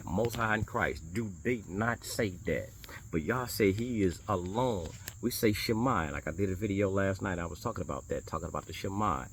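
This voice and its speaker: A minister talking casually to viewers about his beliefs, animated and blunt, repeating phrases for emphasis and throwing in curses and rhetorical challenges. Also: sits low, a little hiss or hum. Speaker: minister of a small congregation. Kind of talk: casual religious talk to viewers.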